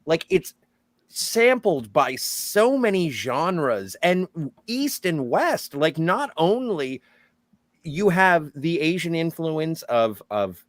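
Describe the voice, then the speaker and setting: A man discussing a movie on a podcast, animated, swinging between loud points and muttered asides. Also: on the high side, slow pace, no echo. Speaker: podcast co-host.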